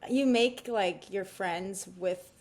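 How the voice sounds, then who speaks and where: Young woman from Canada, mid-pitched, chatty guest with fillers over a video call. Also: takes it slowly, a little mellow, a little hiss or hum. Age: young adult. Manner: chatty, hesitant, many fillers. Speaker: startup founder guest. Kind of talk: casual interview chat.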